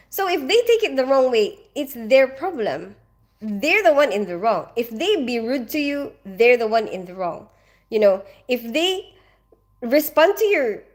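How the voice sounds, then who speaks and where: A woman hosting a casual livestream, chatting with viewers and giving reassuring advice, full of "you know" and "like". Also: fairly high pitch. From Philippines. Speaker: livestream host.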